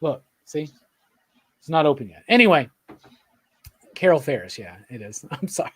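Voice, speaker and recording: A slightly high, sing-song, somewhat rough voice at moderate speed belongs to a podcast co-host who's drinking beer. He gushes about comics in casual chat, rambling, restarting, and repeatedly checking in with "right?".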